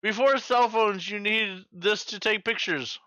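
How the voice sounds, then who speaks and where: A man's voice: sits high, a little slow, pushed and bright, no room sound, dull audio. A man in his forties hosting a trivia night in casual chat, joking, swearing freely and making sound-effect noises. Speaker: trivia host.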